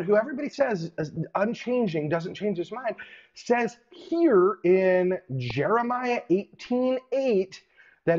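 A man delivering an online sermon in an animated, casual way, with colloquial asides and hushed emphasis. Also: sits high, creaky. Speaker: preacher. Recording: dull lo-fi recording.

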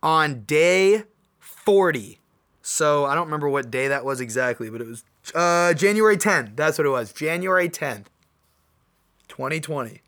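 Excitable young man telling his story. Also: fairly high pitch. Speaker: podcast host. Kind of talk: casual solo podcast monologue.

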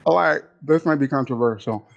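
A male podcast co-host in casual chat, talking in an animated, excitable way, repeating himself and often breaking into high laughter. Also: moderate pace, creaky, dull audio.

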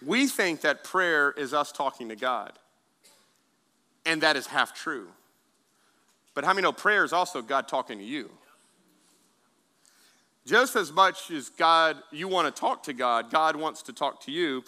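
Bright-voiced male pastor preaching. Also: a little high, animated, measured pace, pauses often. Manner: conversational preaching with asides and repeated words. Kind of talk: sermon.

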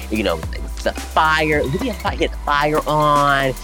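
A young man co-hosting a podcast, telling a personal story in casual chat, animated and dramatic, jumping from low murmurs up to high squeals. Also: moderate pace, few pauses, music in the background. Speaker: podcast co-host.

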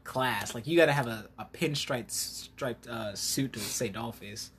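A man co-hosting a podcast in casual chat, slangy and quick to laugh, often losing his train of thought. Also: medium pitch, noisy background. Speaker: podcast co-host.

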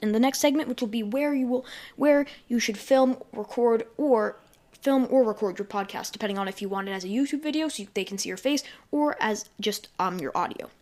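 A woman's voice: on the high side, brisk, darkish tone, a little hiss or hum. Rambling woman hosting a casual podcast. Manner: rambling, full of fillers and self-corrections. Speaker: podcast host. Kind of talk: casual solo podcast chat. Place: bedroom. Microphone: desk mic.

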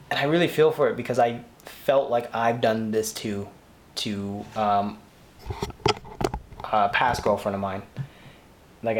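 A man hosting a podcast, talking through a TV show in a rambling, gushing, heartfelt way. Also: on the low side. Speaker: podcast host. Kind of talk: casual solo TV review.

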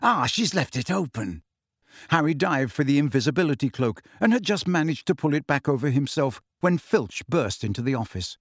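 A man reading a novel aloud in scripted narration with expressive storytelling. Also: a little high, a little fast, few pauses, dry recording, studio quality. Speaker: audiobook reader.

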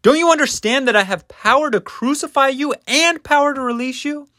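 A man doing a shrill, pleading Roman governor. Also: brisk, pushed and bright, no echo, studio quality. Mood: exasperated pleading. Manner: high-pitched, strained, pleading.

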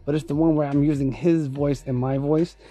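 A man's voice: fairly high pitch, fairly even intonation, fairly quick, warm tone. A man hosting his own podcast, telling a story in a rambling, casual way with frequent laughs and swearing. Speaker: podcast host.

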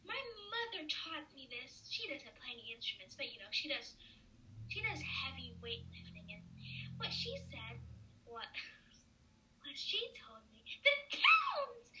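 A woman voicing a dreamy, overemotional street harmonica player in a comedy sketch, talking softly and rambling, then breaking into tearful wails. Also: very high-pitched, slight background noise, voice pushed up, heavily acted, rough recording. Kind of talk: comedy sketch role-play.

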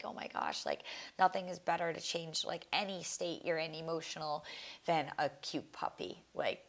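A young woman talks through a solo podcast episode, her fairly low voice grainy with vocal fry. She speaks casually and from the heart, drifting between thoughts, restarting sentences and leaning on fillers. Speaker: podcast host. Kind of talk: reflective solo podcast monologue.

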